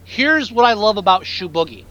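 Animated high-voiced man riffing on a film. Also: moderate pace, no room sound, dull audio. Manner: animated, jokey, mimics film lines. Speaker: podcast co-host. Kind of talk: casual movie-review chat.

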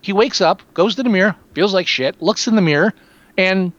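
A man chatting casually about a film, sarcastic, animated and quick to swear. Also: high-pitched, no echo, muffled recording. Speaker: podcast co-host reviewing a film. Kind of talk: casual profane movie chat.

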